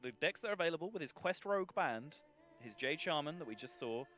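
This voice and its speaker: A man casting a card game tournament live, chatty and quick to laugh. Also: a little high, animated, bright, forceful tone, soft background music. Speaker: esports caster. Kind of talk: live esports commentary.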